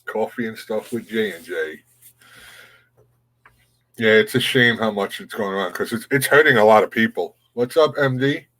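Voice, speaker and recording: A man chats casually on a morning livestream, greeting his viewers one by one. His voice sits a bit low and his talk is easygoing, often trailing off mid-thought. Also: normal speed, rough recording. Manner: relaxed, greets chatters by name, trails off. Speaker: livestream host. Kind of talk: casual chat reading viewer comments.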